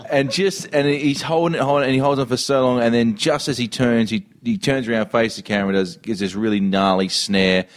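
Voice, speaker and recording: A man's voice: mid-range voice, fairly even intonation, a little fast, hardly any pauses. Enthusiastic man rambling through a scene. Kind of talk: casual movie discussion.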